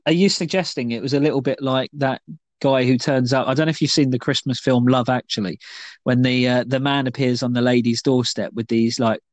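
A male podcast co-host chats casually, rambling playfully and leaning on lots of fillers. His voice sits in a middle pitch, and the recording is dry. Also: fairly even intonation, a little fast, no echo. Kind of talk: casual chat.

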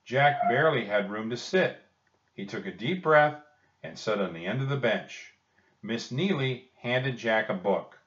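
A man reads a children's chapter book aloud in a calm, gentle storytelling manner. His pace is slow and unhurried. The recording is dull and lo-fi. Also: mid-range voice. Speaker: reader.

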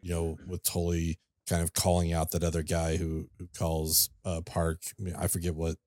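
A man co-hosting a podcast, chatting casually about a film with a relaxed, rambling manner full of fillers. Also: deep voice, normal speed, dry recording, studio quality. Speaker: podcast co-host. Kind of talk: casual chat.

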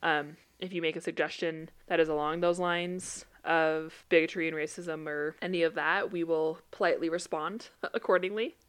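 A woman's voice: sits low, fairly even intonation, moderate pace, hardly any pauses, clean tone. A young woman co-hosting a casual podcast, telling funny family stories and laughing often. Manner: laughs often, chatty storytelling. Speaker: podcast co-host. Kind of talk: casual chat.

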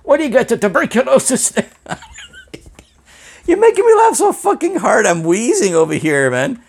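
A man hosting a casual comedic interview, teasing and deadpan, swearing freely. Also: extremely high pitch, moderate pace, creaky, long pauses, breathy edge. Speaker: host.

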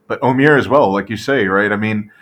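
A man co-hosting a casual sports podcast, animated and full of fillers and "right?" tag questions. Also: lowish voice, a little fast. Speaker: podcast co-host.

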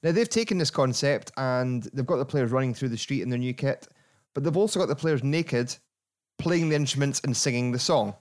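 A man hosting a casual football podcast, chatty and quick to laugh. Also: mid-range voice. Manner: chatty, laughing, animated asides. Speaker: podcast host.

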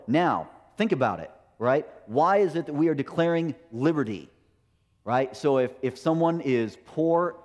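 A middle-aged American pastor delivers a sermon in a voice of ordinary pitch. He leans on rhetorical questions and checks in with "right?" after nearly every point. His voice rings out with a long reverb, as if from a large hall. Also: darkish tone.

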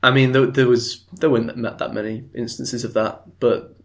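A man hosting a casual film review podcast, relaxed, swearing freely as he leads the talk. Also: mid-range voice, moderate pace. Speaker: podcast host.

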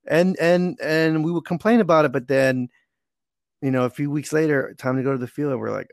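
A man in his twenties hosting a casual chat, telling stories in a relaxed way and laughing easily. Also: on the high side, fairly quick, vocal fry, no room sound, clean studio sound.

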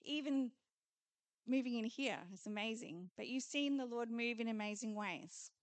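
A woman's voice: fairly high pitch, moderate pace, no room sound. A woman preaching prophetically at a church conference, declaring promises over the listeners in earnest, repeated phrases. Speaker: conference speaker.

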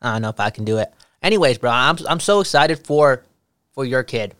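A man's voice: medium pitch, lively intonation, fairly quick, fairly bright tone, clean tone, no room sound, clean studio sound. A man co-hosting a casual podcast, loose and jokey, who keeps repeating a catchphrase. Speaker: podcast co-host. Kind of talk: casual chat.

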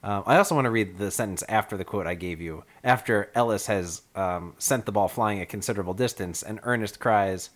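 A man's voice: fairly low pitch, a little fast, few pauses. A man co-hosting a casual podcast chat, explaining what he has looked up, with frequent ums and easy laughter. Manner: explanatory, laughs often, hesitant fillers. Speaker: podcast co-host presenting research.

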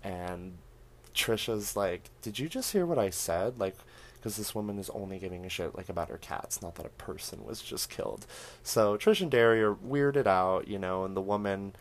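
A young man hosting a podcast, recapping a horror film in animated, laugh-filled storytelling that acts out the characters' lines. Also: low voice, normal speed. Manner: animated storytelling, laughing often, acting out quotes. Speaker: podcast host.

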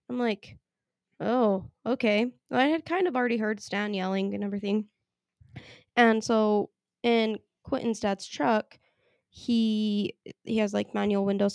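Chatty woman with a gravelly voice. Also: on the high side, darkish tone, no room sound. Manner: chatty, telling an anecdote with laughs. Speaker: podcast co-host. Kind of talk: casual storytelling chat.

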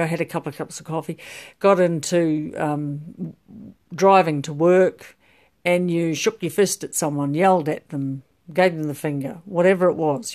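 A woman's voice: low voice, a little mellow. A middle-aged woman coaching on menopause health in a rambling, casual talk full of ums and restarts.

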